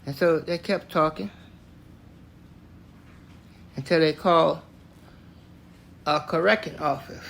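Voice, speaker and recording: An older man from Tennessee, slowly and plainly recounting a story from his own life. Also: fairly high pitch, gravelly, fairly bright tone, a little hiss or hum. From Tennessee, US South. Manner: slow, plainspoken, matter-of-fact telling. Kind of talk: spoken personal story.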